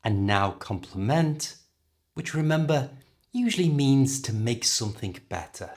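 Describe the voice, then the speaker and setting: A middle-aged man with a British accent teaching an English lesson, carefully and clearly modelling how words are pronounced. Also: mid-range voice, very animated, a little slow, a little mellow. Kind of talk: language lesson.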